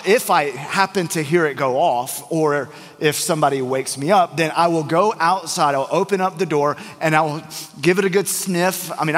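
A fairly high-voiced man preaching to his congregation in a church. He tells a story in a loose, chatty, joking way. His voice carries a long reverb from the big sanctuary. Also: fairly bright tone. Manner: conversational and joking, acts out quoted voices. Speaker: pastor. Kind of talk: sermon with storytelling.

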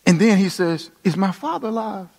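A man preaching a sermon, dramatic, dropping to a hush and then rising to emphatic points. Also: sits high, expressive, a little fast, gravelly, husky. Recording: long hall reverb.

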